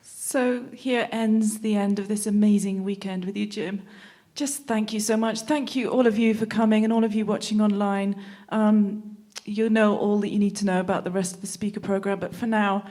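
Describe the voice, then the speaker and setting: A woman closing an event in a chapel, thanking the speaker and audience in a slow, earnest, grateful way. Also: mid-range voice, a little mellow. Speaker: event organizer.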